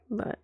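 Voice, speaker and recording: A vtuber streamer with a mid-range voice performs a whispered role-play while nursing a cold that makes her cough. She's soft-spoken and rambling, talking slowly and trailing off mid-thought with a gravelly fry. The close mic is dry and muffled, with no echo or room sound.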